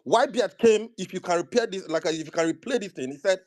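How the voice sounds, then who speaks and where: A Nigerian man with a somewhat high voice speaks over a phone mic in a live audio debate. He holds his ground defensively, restating his point again and again. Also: fairly quick, a little mellow. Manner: defensive, insists he is right. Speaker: debate participant. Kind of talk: heated argument.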